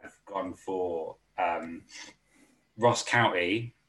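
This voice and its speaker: A man's voice: low voice, very slow, pushed and bright, slight background noise. A man co-hosting a podcast, chatting casually and jokily about weekend football bets. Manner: laid-back, jokey, calls listener mate. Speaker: podcast co-host. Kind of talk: casual betting tips chat.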